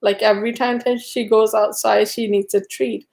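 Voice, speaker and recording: A woman's voice: level tone, normal speed, creaky, darkish tone. A woman chatting casually on a live stream, telling a rambling story full of fillers. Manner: high cooing baby talk to her dog.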